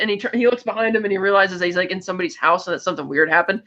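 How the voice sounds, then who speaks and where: Fast, bright-voiced man recapping a movie. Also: sits high, fairly even intonation, dull audio. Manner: rapid plot recap acting out characters' lines. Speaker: podcast co-host. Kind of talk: casual movie review chat.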